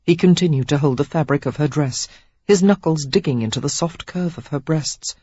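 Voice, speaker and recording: A woman narrating a historical romance audiobook in a measured, expressive reading. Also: deep voice, slightly rough, no echo, muffled recording. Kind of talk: scripted narration of a romance novel.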